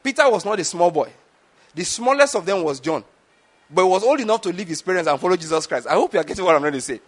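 A man's voice: sits high, lively intonation, fast talker. A man, preaching a teaching sermon and often checking that the listeners follow. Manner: asks the audience questions, repeats words. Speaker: pastor.

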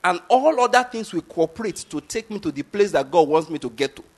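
Nigerian man, fifties, pastor, sermon, emphatic, repeats himself, high voice. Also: expressive, brisk. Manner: emphatic, repeats points, asks the audience if they follow.

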